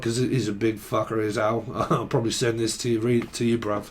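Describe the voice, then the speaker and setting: A man's voice: lowish voice, level tone, fairly quick, slight background noise. A man giving a casual, rambling tarot reading, free-associating and joking, with casual swearing. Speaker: tarot reader.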